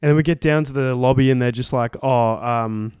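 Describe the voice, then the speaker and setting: A young Australian man tells a story on a podcast in an easy, rambling way, dropping swear words and constant "like"s and "um"s. His voice sits at an ordinary middle pitch. It is recorded close and completely dry, with no room sound. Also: steady tone, quick pace, a little mellow, clean tone, dry recording. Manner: rambling, swears freely, heavy "like" and "um" fillers. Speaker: podcast co-host. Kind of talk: casual storytelling chat.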